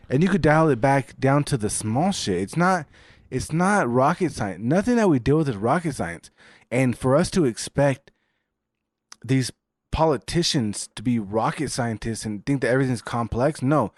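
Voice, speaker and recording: A man's voice: mid-range voice, darkish tone, no echo, studio quality. A man co-hosting a podcast, speaking bluntly and matter-of-factly in casual chat. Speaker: podcast co-host.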